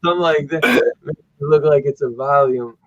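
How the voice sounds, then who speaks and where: A man's voice: on the high side, moderate pace, no echo, dull audio. A man chatting casually on a stream, telling loose stories full of "like" and "bro". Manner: loose storyteller, says "like" and "bro" a lot. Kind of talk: casual chat.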